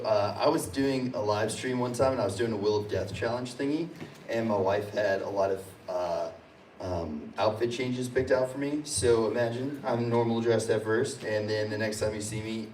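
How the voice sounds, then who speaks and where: A man's voice: lowish voice, normal speed, a little mellow. A man hosting a convention panel, telling a funny story with self-mocking laughs. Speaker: host and panelist. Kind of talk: casual panel chat. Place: convention hall. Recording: echoey hall, distant mic, audible noise.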